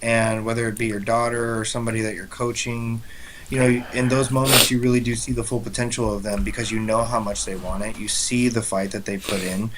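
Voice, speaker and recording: A man's voice: medium pitch, flat delivery, brisk. A young man co-hosts a casual podcast in an earnest, heartfelt voice. He leans on "you know" as he talks, and a faint noise sits under the recording. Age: young adult. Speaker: guest co-host.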